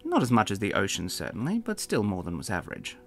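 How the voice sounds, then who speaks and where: Gravelly low-voiced man reading a novel. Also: huge pitch swings, fast talker, soft background music. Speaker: author and narrator. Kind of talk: audiobook narration.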